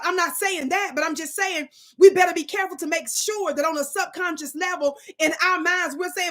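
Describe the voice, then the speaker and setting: A woman's voice: very high voice, brisk, hardly any pauses, fairly bright tone. A woman hosting her own online show, talking to her live chat in an emphatic, preacher-like way and scolding commenters.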